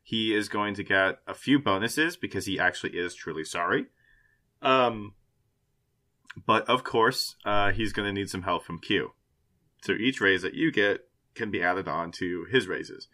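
A man's voice: fairly low pitch, a little slow, sharp tone. A man narrating as game master, hesitant, with frequent fillers. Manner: hesitant, full of fillers and laughs.

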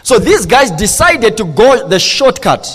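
A man preaching a sermon as pastor, animated, firing rhetorical questions at the congregation. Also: sits high, a little slow, breathy edge, in a large hall, soft background music.

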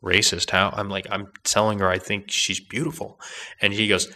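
A man's voice: low-pitched, level tone, a little slow, bright, forceful tone. A young man hosting a political podcast, talking through an opinionated monologue that rambles, restarts and argues. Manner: rambling, combative, with restarts and asides.

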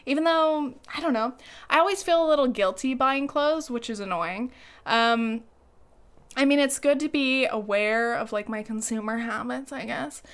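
A young woman talks straight to her audience in a loose, casual vlog style, dropping fillers and curse words as she goes. Her voice sits a little high and comes through smooth and clear. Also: moderate pace, a bit bright. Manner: chatty, lots of "like" fillers, swears freely. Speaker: vlogger. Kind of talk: casual chat.

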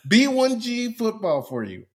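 A man's voice: high voice, wildly swooping pitch, a little slow, husky. A man co-hosting a podcast, ranting animatedly and laughing often. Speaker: podcast co-host. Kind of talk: casual chat.

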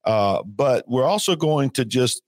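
A man's voice: mid-range voice, lively intonation, a little slow, no echo, clean studio sound. A man hosting a faith call-in show, talking earnestly and emphatically, with frequent restarts. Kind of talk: preaching-style call-in talk.

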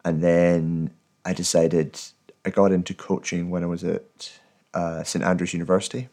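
A Scottish man in his thirties, a guest talking in a thoughtful, articulate and steady way in a casual interview. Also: low voice, moderate pace. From Scotland. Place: at home.

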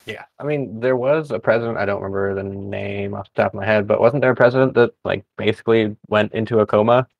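A laid-back young man hosting a podcast in relaxed chat, with a lowish voice. The sound is dry and close, with a dull, lo-fi tone. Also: fast, creaky, hardly any pauses, no room sound. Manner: easygoing, laughs along. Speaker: podcast host. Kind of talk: casual chat.

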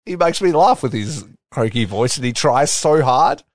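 A man's voice: mid-range voice, lively intonation, normal speed, no room sound, studio quality. A man co-hosting a casual wrestling podcast, laughing often and speeding up when he recaps. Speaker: podcast co-host.

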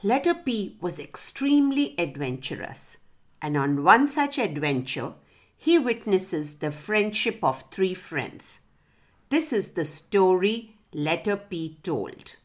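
A woman narrating a children's story slowly and expressively, pausing to ask the children questions. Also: lowish voice.

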